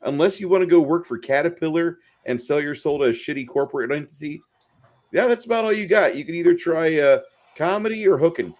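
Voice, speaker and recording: A man's voice: a little high, lively intonation, a little fast, a little mellow. A man chatting casually who shares laid-back anecdotes. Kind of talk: casual chat.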